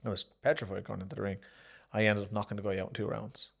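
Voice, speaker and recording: A low, gravelly Irish man rattles through his boxing stories at speed. He talks casually and swears freely, acting out what he and others said back then. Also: flat delivery. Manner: brisk anecdotal telling, re-enacting his own exchanges, swears casually. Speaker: former pro boxer and promoter, guest. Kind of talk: casual storytelling interview.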